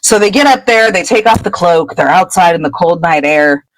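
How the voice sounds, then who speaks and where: A woman's voice: fairly low pitch, moderate pace, slight background noise, low-quality recording. A woman podcast host casually recapping a book chapter, laughing and popping into character voices. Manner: animated, laughing storyteller.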